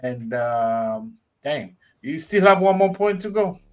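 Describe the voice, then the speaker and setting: Playful man, slightly high voice. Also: animated, takes it slowly, darkish tone, faint music behind. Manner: playful and teasing, hypes up the guest. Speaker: livestream host. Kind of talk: casual livestream chat. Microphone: remote streaming call.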